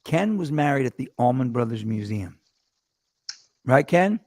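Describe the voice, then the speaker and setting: A man's voice: mid-range voice, big pitch swings, a little mellow. A man hosting a casual chat show, bantering and joking with his guests. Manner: bantering, joking, quick to laugh. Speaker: host.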